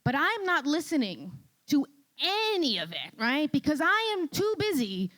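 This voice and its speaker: A woman with a New York accent telling a comic story on stage, animated and exclaiming, often tagging lines with "right?". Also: high-pitched, moderate pace. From Queens, New York. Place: event stage before an audience.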